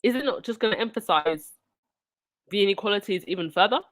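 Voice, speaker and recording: Lady vlogger reading the news then getting snarky about it, mid-pitch voice. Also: fast. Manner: sarcastic, indignant asides. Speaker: royal news commentator. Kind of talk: reading news aloud and commenting.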